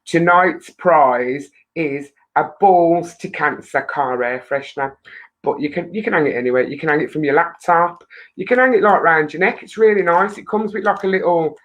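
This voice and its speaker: A woman's voice: low-pitched, moderate pace, low-quality recording. Chatty woman hosting a live stream. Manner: rambling, chatty, laughs often. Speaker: live-stream charity show host. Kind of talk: casual live-stream chat to viewers.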